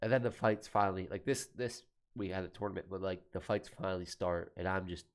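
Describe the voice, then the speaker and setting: A man co-hosting a casual podcast chat, talking in a laid-back way that drops quiet at the ends of phrases. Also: sits low, a little fast. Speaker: podcast co-host.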